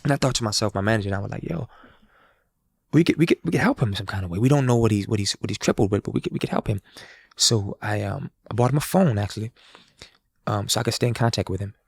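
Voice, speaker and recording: A young man from New Orleans, a guest musician, telling a story in a casual, animated way. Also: lowish voice, fast talker, gravelly, husky, no echo, clean studio sound. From New Orleans, USA. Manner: animated, acts out quoted voices.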